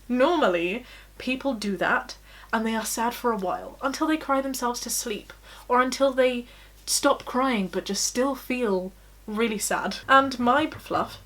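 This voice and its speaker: A young woman talks straight to the camera from her bedroom in a personal, confessional vlog. Her voice sits a little on the high side. She is candid and self-deprecating, and she laughs often as she talks. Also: fairly bright tone. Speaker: vlogger.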